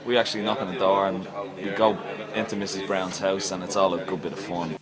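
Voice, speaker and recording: A man's voice: deep voice, little pitch movement, fairly quick, over a noisy crowd, poor audio. An Irish actor chatting on set about his part, easygoing and rambling. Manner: easygoing, rambling, lots of fillers. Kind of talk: casual interview.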